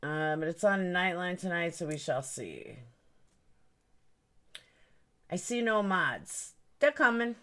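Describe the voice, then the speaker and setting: A woman's voice: fairly low pitch, big pitch swings, a little slow, a bit bright. Rambling woman livestreamer greeting chat. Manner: rambling, greets chatters by name; puzzled, fiddling with stream settings. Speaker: livestream host.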